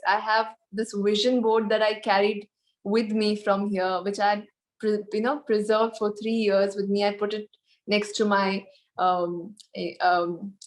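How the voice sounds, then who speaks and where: A young woman from India, in her twenties, speaks as an interview guest over a video call. She sounds earnest and openly emotional, pausing with thoughtful fillers as she gathers her words. Her pitch sits in the middle for a woman. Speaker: pageant contestant guest. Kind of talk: candid interview chat.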